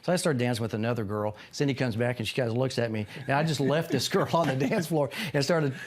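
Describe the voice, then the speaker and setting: A man in his sixties, a podcast guest, tells a rambling personal story in a casual interview and acts out quoted lines in a sudden higher voice. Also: quick pace. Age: 60s.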